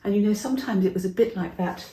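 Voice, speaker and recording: Older lady reading kids a bible story, mid pitch, chatty, roomy echo. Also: fast, slight background noise. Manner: warm, interactive, asks children questions. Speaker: storyteller for children. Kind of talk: Bible story telling for children.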